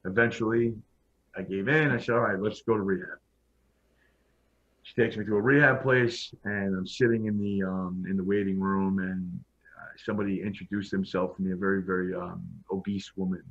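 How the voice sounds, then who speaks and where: A man with a lowish voice tells his own story in a casual interview, speaking bluntly and frankly and often circling back to restart a thought. The recording sounds dull and lo-fi, as if the top end has been shaved off. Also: steady tone, moderate pace, a bit bright, breathy edge. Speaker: podcast guest.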